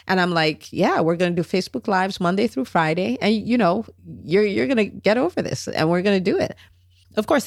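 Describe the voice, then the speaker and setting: A woman hosting a solo podcast, coaching in an animated, chatty way and checking in with "right?" and "okay?". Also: fairly low pitch, no room sound, clean studio sound. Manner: animated, acts out quoted voices, tag questions. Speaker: podcast host, business coach.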